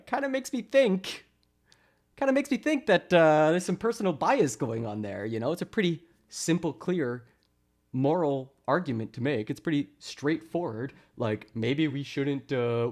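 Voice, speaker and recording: A man from Canada ranting sarcastically on a live stream, mocking chat with laughs and put-on voices. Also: on the high side. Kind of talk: casual live-stream rant.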